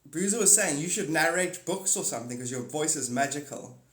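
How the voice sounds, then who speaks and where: A man hosting a live stream in casual chat, excitable, swearing often and laughing a lot. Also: a little high, fairly quick. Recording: echoey room.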